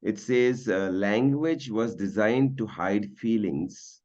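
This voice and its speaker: A man from India who interviews his guest, hesitating and filling his pauses with "uh" while he reads out quotes. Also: fairly low pitch, darkish tone, muffled recording. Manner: hesitant, many fillers. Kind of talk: interview questions.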